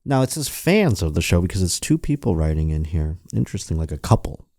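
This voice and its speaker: Sardonic, profane man with a dark voice. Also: low voice, big pitch swings, brisk, no room sound, studio quality. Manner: profane, sardonic, riffing while reading articles aloud. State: running low on energy. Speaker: podcast host. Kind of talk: casual comedic podcast chat.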